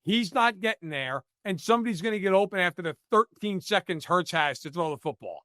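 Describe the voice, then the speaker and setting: A man's voice: sits high, expressive, a little fast, sharp tone, no echo, studio quality. A man giving blunt, opinionated football analysis in a casual podcast chat. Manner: emphatic, opinionated, many "like" fillers.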